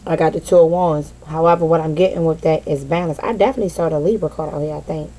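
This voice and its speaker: A woman's voice: low-pitched, fast talker, mellow, low-quality recording. A woman doing a casual tarot reading for viewers. She talks bluntly, swears freely, leans on "like" as filler and keeps asking her audience if they follow. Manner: blunt and profane, heavy on "like" fillers; talks directly to viewers, often asks "you feel what I'm saying?". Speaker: tarot reader.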